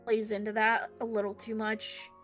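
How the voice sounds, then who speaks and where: A woman's voice: medium pitch, monotone, moderate pace, fairly bright tone, faint music behind. A woman guest in a casual chat about a video game, giggly and hesitant, with many fillers.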